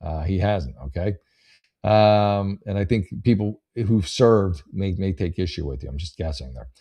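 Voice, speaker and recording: A man with a fairly low voice talks through a listener's dilemma in a loose, joking way. He swears freely, repeats words as he restarts sentences, and keeps a sarcastic edge as he hands out advice. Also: moderate pace, dark tone. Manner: rambling, sarcastic, profane, stammering restarts. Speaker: podcast host giving advice. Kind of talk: casual comedic advice chat, reading posts aloud.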